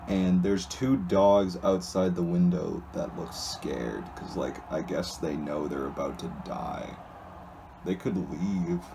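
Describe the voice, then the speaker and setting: A man with a very low, gravelly voice describes comics in a slow, unhurried ramble. He talks off the cuff, hesitating and restarting his sentences as he goes. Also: darkish tone, a little hiss or hum. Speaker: solo video host reading comics. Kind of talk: casual, unscripted comic descriptions.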